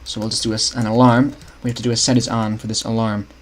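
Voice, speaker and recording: A young man with a fairly low, level-toned voice speaks fast as he scripts a game map on stream. Casual and chatty, he thinks aloud, restarts frequently and engages with his viewers.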